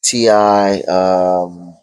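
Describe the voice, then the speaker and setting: A man's voice: low voice, little pitch movement, extremely slow, a little mellow, clean tone, dry recording, poor audio. A man hosting a podcast, telling a story in a loose, slangy, boastful way and swearing freely. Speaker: podcast host. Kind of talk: casual storytelling chat.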